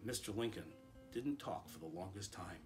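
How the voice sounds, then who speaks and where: A man, a school principal, reading a picture book aloud to children in a calm, expressive storytelling voice. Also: deep voice, normal speed, music in the background.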